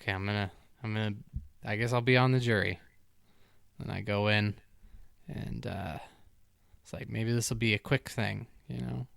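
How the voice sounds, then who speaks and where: A man's voice: lowish voice, steady tone, moderate pace, gravelly, pauses often, a bit bright, no room sound, studio quality. A man co-hosting a podcast, telling a story in a chatty, self-mocking way. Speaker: podcast co-host. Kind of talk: casual storytelling.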